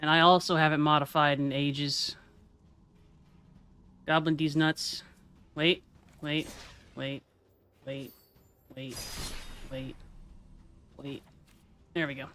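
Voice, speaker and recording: Playful high-voiced man streaming a card game. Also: flat delivery, slow pace, long pauses, pushed and bright. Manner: playful, jokey, talks to himself and the game. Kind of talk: casual gameplay commentary.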